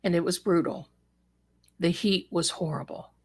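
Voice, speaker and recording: A woman's voice: on the low side, steady tone, normal speed, a little mellow, husky. A middle-aged woman hosting a live psychic show, telling a personal story with dramatic flair and wry asides.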